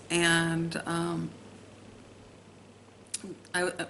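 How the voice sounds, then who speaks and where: A woman telling a personal ghost story in a hesitant way, pausing often with fillers. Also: on the low side, completely flat delivery, a bit bright, slight background noise, poor audio. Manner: slow, hesitant, with many pauses and fillers.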